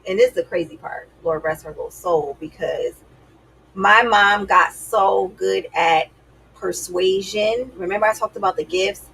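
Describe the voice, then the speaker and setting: A woman's voice: medium pitch, measured pace, creaky, a bit bright, a little hiss or hum, low-quality recording. A woman giving dating advice to her viewers in a sassy, emphatic, casual way. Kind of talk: casual advice talk to camera.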